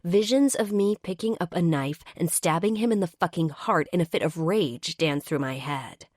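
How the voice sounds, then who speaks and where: A woman's voice: sits low, normal speed, hardly any pauses, no echo, clean studio sound. A woman narrating a first-person romance audiobook in a wry, exasperated manner.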